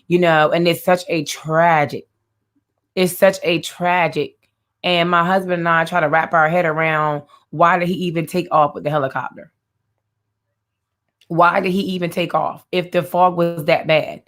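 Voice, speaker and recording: A woman's voice: low-pitched, a bit bright. Earnest woman hosting a faith talk show. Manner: earnest, repeats phrases, addresses viewers directly.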